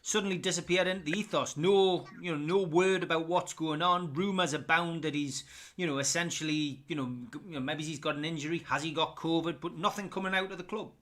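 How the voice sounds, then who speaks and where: A man's voice: a little high, fairly even intonation, fairly quick, a bit bright. A man co-hosting a football podcast, chatting casually and jokily. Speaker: podcast co-host.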